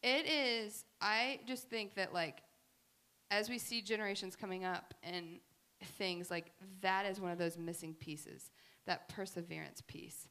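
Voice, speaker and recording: A woman giving a faith talk, telling family stories in an animated, chatty way with many fillers. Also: medium pitch, unhurried. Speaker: speaker at a faith gathering.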